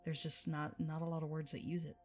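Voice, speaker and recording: A woman's voice: deep voice, flat delivery, a little fast, darkish tone, soft background music. A woman hosting a livestream, chatting casually with viewers in a rambling way and laughing often. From United States. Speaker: livestream host.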